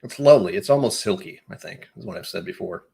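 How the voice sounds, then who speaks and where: Live-stream host, male, low husky voice, lively up-and-down delivery, rambling and self-mocking. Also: quick pace. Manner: rambling, self-mocking, reads chat comments aloud. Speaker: whiskey channel host. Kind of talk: casual live-stream tasting chat.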